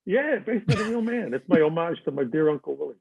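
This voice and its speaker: A man's voice: a little high, lively intonation, quick pace, vocal fry, darkish tone, breathy edge, dry recording. An older man chatting as a guest, telling stories animatedly and slipping into other voices for quotes. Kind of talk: casual storytelling chat. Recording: dry, tinny phone-like line.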